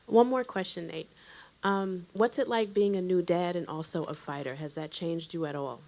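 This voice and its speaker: A woman's voice: lowish voice, normal speed, creaky, a little mellow. A woman reporter putting brief, direct questions to a fighter at a press conference.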